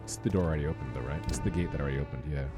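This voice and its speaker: A man's voice: rumbling low, very fast, loud music behind the voice. A man streaming a video game, chatting casually and mocking himself as he plays. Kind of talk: casual gameplay commentary.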